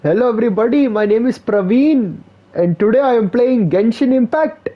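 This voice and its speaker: A man's voice: extremely high pitch, animated, moderate pace, voice pushed up. A young man voicing a cheesy gamer greeting his viewers, mocking him with an exaggerated put-on Indian accent. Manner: mocking, sing-song greeting. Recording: dull lo-fi stream audio.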